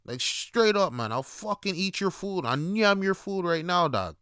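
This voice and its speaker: A man's voice: high voice, big pitch swings, a little slow, a bit bright, clean tone, no echo, studio quality, pitched above the performer's own voice, full character voice. A man voicing a threatening young male street tough with a Toronto accent, who speaks in clipped, slangy threats. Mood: menacing.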